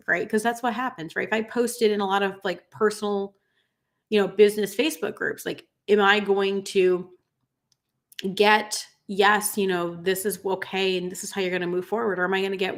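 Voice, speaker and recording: A woman in her thirties hosting a livestream, tearful after crying, reading viewer comments in an earnest, halting way with many fillers. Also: medium pitch, flat delivery. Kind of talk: emotional livestream chat.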